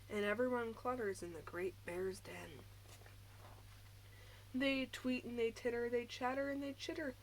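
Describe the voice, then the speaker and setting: A woman teacher reading a rhyming picture book aloud in an expressive, rhythmic way. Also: fairly high pitch, normal speed, slight background noise, low-quality recording.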